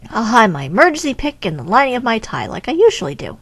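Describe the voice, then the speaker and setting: A woman's voice: on the high side, very animated, quick pace, a bit bright, husky, no echo. A woman casually commenting on a game as she plays it, chatty and wry. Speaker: game streamer.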